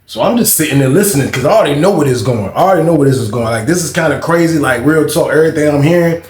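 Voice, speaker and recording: A man's voice: on the high side, racing. Slangy young man telling a story. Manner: slangy, animated retelling with quoted dialogue. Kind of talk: casual storytime monologue. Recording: roomy echo.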